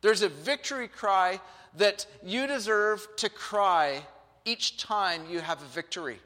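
High bright-voiced male pastor. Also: a little slow. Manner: lively, conversational, joking asides. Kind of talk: sermon and live interview. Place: church sanctuary. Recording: reverberant hall.

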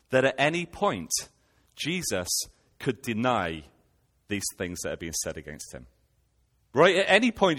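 A man's voice: medium pitch, a bit bright, in a large hall. A man preaching a sermon, retelling scripture and posing rhetorical questions to his listeners.

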